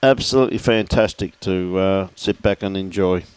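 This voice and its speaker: Chatty low-voiced bowls commentator. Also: male voice, normal speed, a little mellow, smooth, no room sound. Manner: chatty and jokey, reels off scores, banters with his co-host. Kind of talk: live sports commentary. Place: bowls club.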